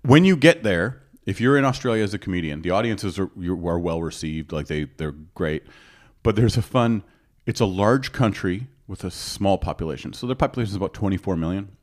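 Low-voiced Canadian comedian telling stories. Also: male voice, a little fast. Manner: animated storyteller, restarts sentences. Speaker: stand-up comedian. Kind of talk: casual podcast chat.

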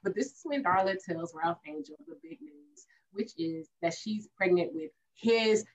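A woman co-hosting a casual podcast, animatedly retelling a TV episode with drawn-out asides. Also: mid-range voice, sing-song. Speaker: podcast co-host. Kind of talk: casual chat recapping a TV episode. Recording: distant, dull lo-fi sound.

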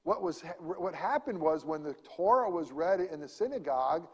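A man preaching a sermon, swinging from loud emphasis to hushed near-whispers. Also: fairly high pitch, lively intonation, moderate pace, slightly rough, in a large hall. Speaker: pastor.

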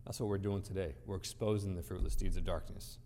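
A deep, dark-toned male voice preaches quickly with fairly even intonation, a faint hiss or hum underneath. He addresses an assembled audience emphatically, using rhetorical questions and repeated phrases to develop his points. The sound echoes with the long reverb of a large hall.

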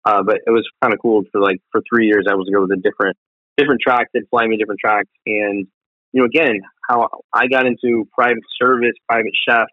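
A low-pitched man chats as a guest chef, rambling through his stories with lots of fillers and restarts. His voice comes over a thin, phone-like line that sounds dry and close. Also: no room sound. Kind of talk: casual interview chat.

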